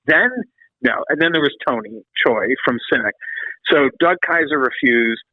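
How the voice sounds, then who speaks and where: A middle-aged man recounts his band years in a loose, animated way, circling back, restarting sentences and swearing freely. His voice sits in an ordinary middle register. It comes through a narrow, phone-like line with no room sound at all. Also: medium pitch, moderate pace, no echo. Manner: animated, rambling storyteller with frequent restarts and swearing. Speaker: interview guest, former metal drummer. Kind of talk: casual storytelling interview. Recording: dry, phone-like call audio.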